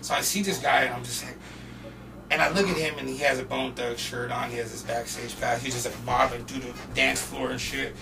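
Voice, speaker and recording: A man from Portland, Oregon, telling a story as a podcast guest in an animated, profane way. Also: mid-range voice, brisk, creaky, recorded from a distance, over music, low-quality recording. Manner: animated and profane, acting out quotes. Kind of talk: casual storytelling.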